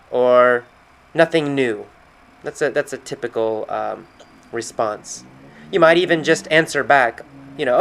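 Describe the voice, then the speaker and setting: An American man, an English teacher, slowly and patiently explaining vocabulary and quoting example phrases. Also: mid-range voice, fairly bright tone, clean tone. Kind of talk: explaining vocabulary from a recorded conversation. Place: San Francisco.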